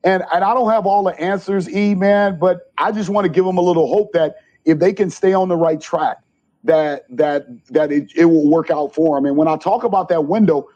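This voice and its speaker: A middle-aged man, a junior college basketball coach, telling animated stories in an interview and acting out the quotes. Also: fairly high pitch, normal speed, dull audio. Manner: animated storyteller, acts out quotes. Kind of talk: interview storytelling.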